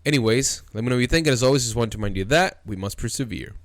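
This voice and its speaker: A man hosting a casual anime commentary video, talking excitedly and loosely, calling viewers dude and bro. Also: mid-range voice, racing, no room sound, clean studio sound. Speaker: video host.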